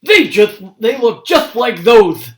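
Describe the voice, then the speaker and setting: A man reading aloud, voicing a frantic old grandfather who has lost his dentures and talks loudly, as if without teeth. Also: very high voice, big pitch swings, takes it slowly, pitched above the performer's own voice, heavily acted. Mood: suspicious. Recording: roomy echo.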